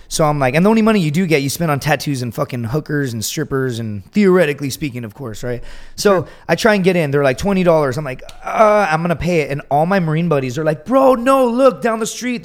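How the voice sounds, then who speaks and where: A man telling a crude story in casual chat, animated and profane, acting out the quotes loudly. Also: a little high. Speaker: podcast guest telling a story.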